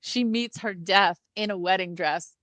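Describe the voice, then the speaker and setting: Bright, chatty woman, dry mic. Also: mid-range voice, measured pace, no room sound. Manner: chatty and enthusiastic, trailing restarts. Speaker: podcast co-host. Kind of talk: casual film review chat.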